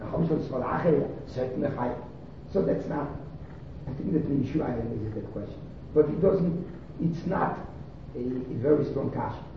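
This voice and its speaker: A man's voice: medium pitch, normal speed, slight background noise. A man teaching a Talmud lesson, explaining in short repeated phrases that restart and press on key points. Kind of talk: Talmud study lecture. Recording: very echoey room, distant mic, dull sound.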